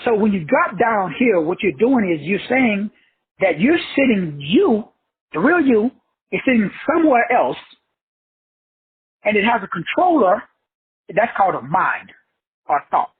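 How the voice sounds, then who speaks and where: A man's voice: sits high, big pitch swings, unhurried, pauses often, a little hiss or hum. A man hosting a self-help show, giving a blunt, preachy motivational monologue that speaks straight to his listeners and swears freely. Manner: preachy, blunt and profane, addresses listeners directly. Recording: tinny phone-like dry audio.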